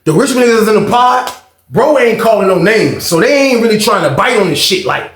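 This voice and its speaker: A man hosting a casual storytime monologue, animated and profane, acting out the voices in his tale. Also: high voice, brisk, echoey room. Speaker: storytelling channel host.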